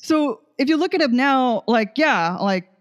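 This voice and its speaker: A woman's voice: high voice, lively intonation, unhurried. Rambling, laughing woman host. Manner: rambling, laughing, acts out quoted voices. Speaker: podcast host. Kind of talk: casual storytelling chat.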